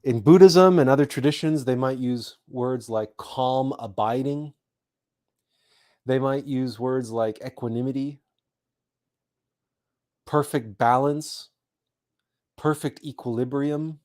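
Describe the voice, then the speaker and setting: A man hosting a live spiritual talk, speaking slowly and meditatively with soft pauses and repeated phrases as he guides listeners through a visualization. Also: medium pitch.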